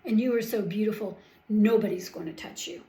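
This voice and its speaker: A doting king, easily delighted and quick to rage, as a woman storyteller puts him on. His voice sits fairly high and rings in an echoey room. He speaks in bursts of exclamation. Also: lively intonation, a little mellow. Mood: furious.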